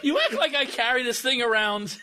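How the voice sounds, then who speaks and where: A man's voice: very high-pitched, animated, fairly quick, bright, forceful tone, a little hiss or hum. A man talking in a casual podcast chat, explaining himself hesitantly and restarting his words. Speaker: podcast co-host.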